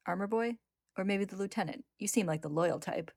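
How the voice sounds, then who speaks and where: A woman voicing a cruel, seductive female homunculus who speaks slowly and calmly in a menacing tone. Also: mid-range voice, gravelly, no echo, studio quality. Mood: cold, mocking.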